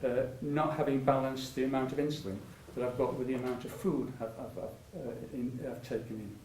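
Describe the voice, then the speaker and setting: A man's voice: medium pitch, level tone, a little fast, a little mellow, a little hiss or hum. An older man, telling stories in a public talk, rambling with many restarts and frequent laughter. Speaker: patient speaker at a public talk. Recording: echoey hall, mic at a distance.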